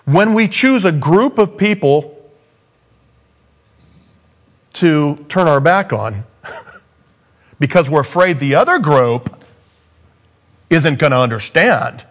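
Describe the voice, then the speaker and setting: A man preaching a sermon, acting out the scripture quotes and rising up in pitch for emphasis, then dropping low on key points. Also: lively intonation, slow, long pauses.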